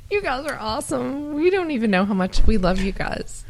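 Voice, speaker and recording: A woman co-hosting a paranormal radio show, chatting casually with frequent giggles and plenty of enthusiasm. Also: high-pitched. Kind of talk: casual banter.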